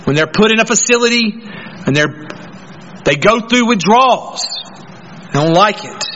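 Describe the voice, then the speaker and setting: A man's voice: high-pitched, expressive, normal speed, sharp tone, muffled recording, slight background noise. A man preaching a sermon as pastor, telling stories and acting out indignant voices.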